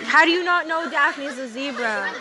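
A young woman hosting a casual vlog, chatty, excitable and joking about herself. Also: high voice, moderate pace. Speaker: vlog host. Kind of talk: casual chat. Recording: loud crowd behind. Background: crowd noise.

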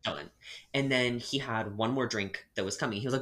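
A man chatting casually on a podcast, telling a story from his job. His pitch jumps around a lot as he acts out both sides of the exchange, and he punches the key lines with exasperation. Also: fairly quick. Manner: animated, acts out customer dialogue with exasperated emphasis. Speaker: podcast co-host.

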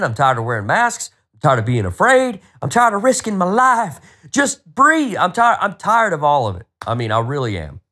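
Animated, swearing male podcast ranter. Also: fairly high pitch, normal speed. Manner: profane, exasperated, animated rant. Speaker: podcast host. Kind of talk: solo ranting podcast.

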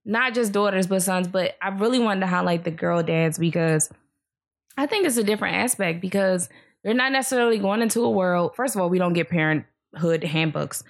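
A woman's voice: medium pitch, fairly quick. A woman in her thirties hosting a podcast, chatting candidly about family and laughing easily. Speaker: podcast host. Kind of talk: casual chat.

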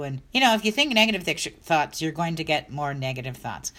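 A woman's voice: low-pitched, expressive, fairly quick, few pauses, sharp tone. A middle-aged woman, a dog health coach, talking in a chatty, upbeat, rambling way. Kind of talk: casual vlog talk.

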